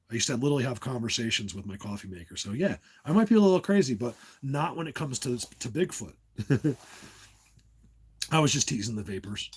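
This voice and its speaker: A man's voice: medium pitch, lively intonation, a little fast, breathy edge, rough recording. A middle-aged man from New Jersey chatting casually with his livestream viewers, rambling from tangent to tangent and laughing often. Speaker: livestream host. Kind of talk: casual live-stream chat with viewers.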